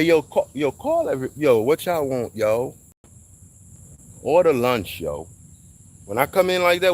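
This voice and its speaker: A man telling a casual, animated story in slang, acting out quoted voices along the way. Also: a little high.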